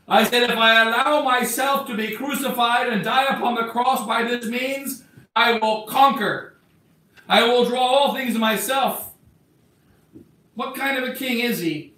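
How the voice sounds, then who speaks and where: A man's voice: high voice, a little slow, bright, forceful tone. A man preaching an emphatic sermon as a bishop, acting out the words he quotes. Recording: echoey church from far off.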